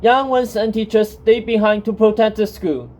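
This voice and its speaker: A woman reading the lines of a gruff, battered male sheriff who talks bluntly and urgently. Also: medium pitch, normal speed, a little mellow, natural voice. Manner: urgent, blunt, rough-spoken.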